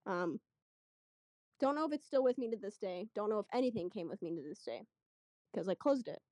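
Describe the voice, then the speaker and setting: A young woman telling a story in casual chat, chatty and animated, acting out what people said. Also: medium pitch, a little fast, dry recording. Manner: chatty, animated retelling with quoted voices. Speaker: guest storyteller.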